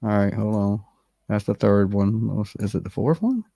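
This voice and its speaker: A livestream host giving animated, blunt and profane commentary, talking straight to the chat and opening call-in lines. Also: low-pitched, moderate pace, gravelly, dry recording, clean studio sound. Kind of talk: live-stream commentary with call-ins.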